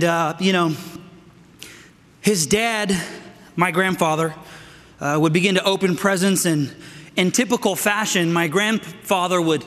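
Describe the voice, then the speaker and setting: Man, middle-aged preacher, out of breath, high voice, energetic sermon, long hall reverb. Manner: energetic, calls for amens, asks "right?". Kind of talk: sermon to men.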